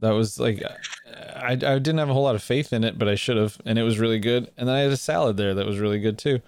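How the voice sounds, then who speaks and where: A man's voice: mid-range voice, fast, darkish tone, clean tone. A man co-hosting a casual podcast, talking with enthusiasm. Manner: enthusiastic, gushing about food. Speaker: podcast co-host.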